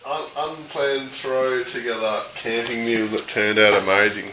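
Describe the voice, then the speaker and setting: A man's voice: mid-range voice, steady tone, a little slow, noisy background. Easygoing man, short wry remarks. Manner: brief reactions and wry questions. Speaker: podcast co-host. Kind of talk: casual chat.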